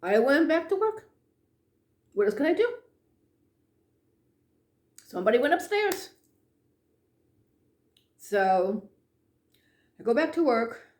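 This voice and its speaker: Animated woman telling a ghost story. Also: high-pitched, slow, long pauses, roomy sound. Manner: animated, drops to hushed tones.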